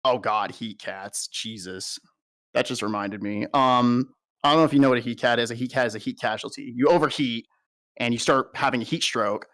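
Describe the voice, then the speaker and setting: Blunt, profane young soldier telling stories. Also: male voice, mid-range voice, normal speed, a bit bright. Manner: blunt, heavily profane storytelling. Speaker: soldier interviewee. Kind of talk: candid personal account.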